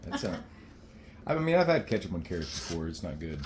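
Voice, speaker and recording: A man building a guitar, talking casually to camera as he works and thinking aloud with pauses. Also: deep voice, big pitch swings, slight background noise.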